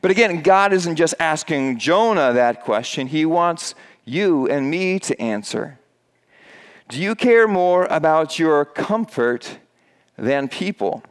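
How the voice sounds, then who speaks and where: A man preaching to his congregation in a church, with a smooth, resonant voice set a little high. He keeps it conversational, trips over a word now and then, and fills pauses with "uh". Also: expressive. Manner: conversational preaching with fillers and restarts; acts out quoted voices in a raised pitch. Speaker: pastor. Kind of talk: sermon. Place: church with a screen behind him.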